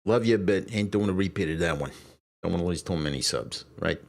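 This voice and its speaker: A man's voice: low-pitched, animated, a little fast, vocal fry. A man hosting a casual live stream, rambling, swearing and apologizing as he loses his train of thought. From Brooklyn, New York. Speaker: streamer host.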